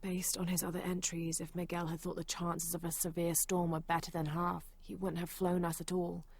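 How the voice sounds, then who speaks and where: Lowish gravelly game heroine reading journals, flat and serious. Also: female voice, normal speed, no echo. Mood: grim. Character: adventurer woman calmly reading old journals. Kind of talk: video game voice acting.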